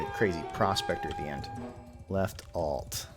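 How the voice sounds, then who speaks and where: A man's voice: sits low, moderate pace, soft background music. A man giving casual, rambling commentary while streaming a video game, joking with his chat. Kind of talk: live gameplay commentary.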